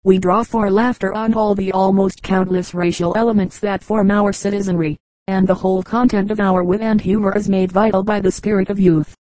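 Female audiobook reader; measured and even, mellow voice. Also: medium pitch, no room sound, rough recording. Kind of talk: scripted narration.

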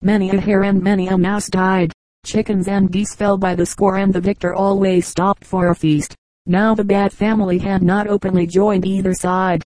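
A woman reading fables aloud as an audiobook narrator, measured and even, on a close mic. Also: mid-range voice, no room sound, poor audio. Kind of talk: scripted storybook narration.

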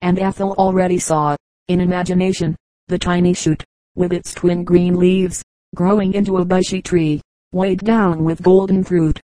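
A woman narrating an audiobook of children's stories in a measured, even reading. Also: on the low side, dry recording, poor audio. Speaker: audiobook reader. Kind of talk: storybook narration.

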